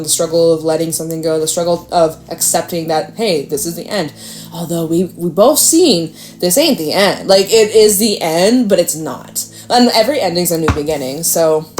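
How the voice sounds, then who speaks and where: A woman giving a casual, chatty tarot reading, animated and talkative, now and then jumping into a high acting voice. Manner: chatty, animated, slips into squealy acted quotes. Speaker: tarot reader.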